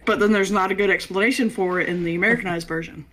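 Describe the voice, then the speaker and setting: A woman's voice: mid-range voice, rapid-fire, a bit bright, a little hiss or hum, poor audio. Southern woman, casual let's play co-host, rambly. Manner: chatty, rambling with restarts. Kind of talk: casual gaming commentary.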